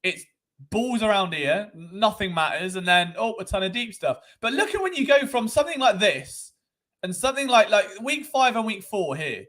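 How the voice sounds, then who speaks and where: Male sports commentator, sleepy, rambling and sarcastic, high-pitched. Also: sing-song, normal speed, fairly bright tone. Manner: rambling, sarcastic, restarts often. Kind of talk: casual sports analysis while screen-sharing.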